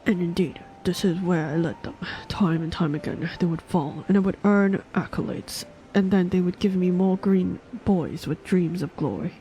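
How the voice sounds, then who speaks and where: A woman's voice: lowish voice, moderate pace, few pauses, mellow, slight background noise, natural voice, low-quality recording. A woman voicing a solemn, regretful old male knight who mentors two young fighters.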